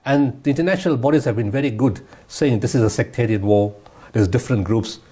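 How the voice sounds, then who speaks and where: A man's voice: mid-range voice, brisk, mellow, slightly rough. A man giving impassioned interview answers, emphatic and repeating his points. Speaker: guest humanitarian speaker.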